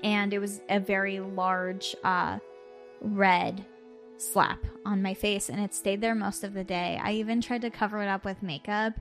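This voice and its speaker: A woman podcast host telling a story casually over a video call, animated, laughing and swearing as she goes. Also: mid-range voice, measured pace, faint music behind.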